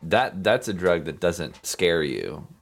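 Young man, co-host, very low pitch, laid-back, casual chat. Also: big pitch swings, slow, gravelly. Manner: laid-back, frequent short agreements. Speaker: podcast co-host.

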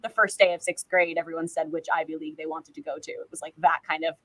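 A young woman from California chatting casually as an interview guest, quick and self-deprecating, peppering her talk with "like.". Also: sits low, little pitch movement, no room sound, poor audio. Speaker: guest, actress and musician.

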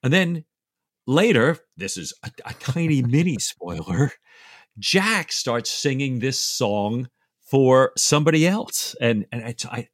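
A man co-hosting a book discussion podcast, talking in a reflective, emotional way with halting restarts. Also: mid-range voice, lively intonation, no echo, clean studio sound. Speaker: podcast co-host.

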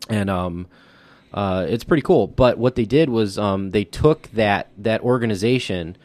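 A man's voice: on the low side, a little slow, a little mellow. A man co-hosting a podcast in casual chat, easygoing, full of "like" and "you know". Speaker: podcast co-host.

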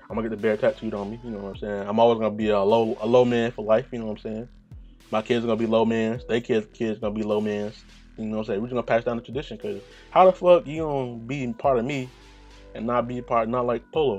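A man's voice: medium pitch, darkish tone, muffled recording. A young man hosting his own podcast, rambling casually with lots of fillers and swearing. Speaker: podcast host.

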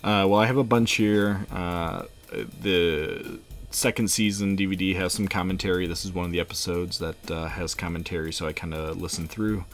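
A man co-hosting a podcast in casual chat, relaxed, with many fillers and frequent laughs. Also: low voice, normal speed, faint music behind. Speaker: podcast co-host.

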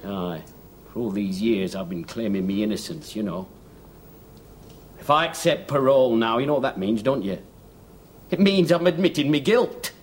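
A man's voice: lowish voice, lively intonation, normal speed, pauses often, a little hiss or hum, close to an everyday voice. An actor playing a weary, wryly humorous elderly male convict with a Northern English accent in a sitcom. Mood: gloomy. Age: older. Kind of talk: 1970s TV sitcom acting.

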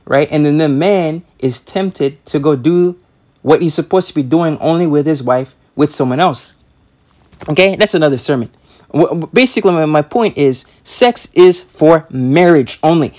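A man's voice: fairly high pitch, normal speed, darkish tone. A man preaching a sermon, emphatic and repetitive, stumbling over restarts as he reads scripture aloud. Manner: emphatic, repeats words and stammers on restarts; reads scripture in King James wording. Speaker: pastor.

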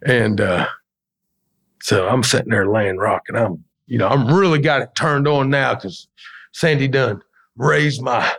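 A middle-aged man, a podcast guest telling work stories in a colloquial, animated way. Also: medium pitch, unhurried, vocal fry. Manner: colloquial, animated storyteller acting out quotes. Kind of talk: casual storytelling in an interview.

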